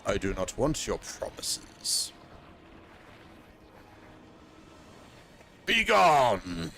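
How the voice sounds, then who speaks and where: A man voicing a menacing dark lord, speaking slow, low and commanding while reading game dialogue. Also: wildly swooping pitch, gravelly, soft background music, full character voice. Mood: dismissive.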